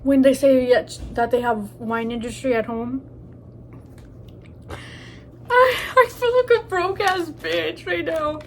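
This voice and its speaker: Her voice sits high, and she talks slowly with frequent pauses. A young adult vlogger, she jokes crudely between bites of her eating video, nose stuffed up by allergies, over slight background noise.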